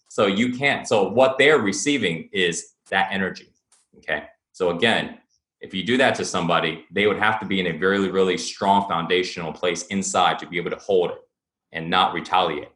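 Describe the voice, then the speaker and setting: A man's voice: sits low, bright, forceful tone, reverberant. A man giving an earnest motivational talk as a wellness coach, repeating his points and acting out little angry quotes.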